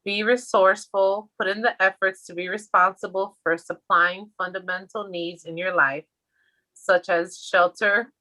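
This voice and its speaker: A woman co-hosting a casual spiritual chat show, reading a card's text aloud, pausing to laugh. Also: medium pitch, fairly even intonation, bright, forceful tone, rough recording. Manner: reads card text slowly, breaking into laughter. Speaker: podcast co-host.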